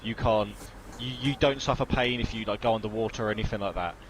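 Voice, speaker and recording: Fast-talking young man, stumbling restarts. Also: on the low side, slight background noise, rough recording. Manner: stammering restarts, fast talk. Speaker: podcast co-host. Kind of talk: casual podcast chat.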